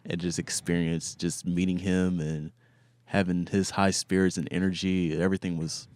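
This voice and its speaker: A man as a podcast guest in casual chat, relaxed and emphatic, laughing along. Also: sits low, normal speed, smooth, no room sound.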